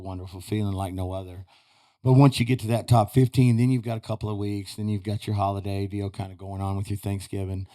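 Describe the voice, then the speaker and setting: Fast-talking folksy man. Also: on the low side, dark tone. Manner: rambling, folksy storytelling. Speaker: podcast guest, retired rodeo roper. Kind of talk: casual chat. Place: studio.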